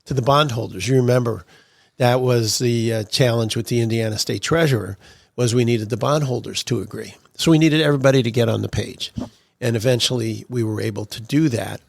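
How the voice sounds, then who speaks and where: A man's voice: mid-range voice, brisk, gravelly, dry recording, studio quality. A man telling political anecdotes as a podcast guest, chuckling through his stories. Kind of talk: storytelling interview.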